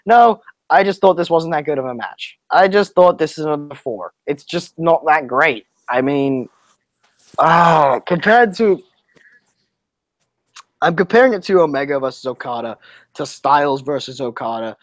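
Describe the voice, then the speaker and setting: A young man co-hosting a podcast over a call, talking in a slightly high voice with crude, swearing banter and frequent laughter. His sound is dry and close, with no room around it. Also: lively intonation, normal speed, no room sound. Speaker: podcast co-host. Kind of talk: casual chat.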